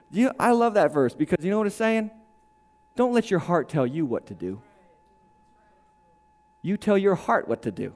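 A man preaching a sermon with drama, acting out quick voices and swinging between shouting and hushed lines. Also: sits high, very animated. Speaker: pastor.

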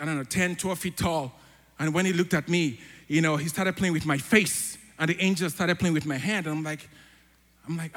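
High-voiced preacher with African-British accent. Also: male voice, in a large hall. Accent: mixed African and British. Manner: fervent, rising to loud declarations in prayer. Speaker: church elder preaching. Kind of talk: sermon with spoken prayer. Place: church hall.

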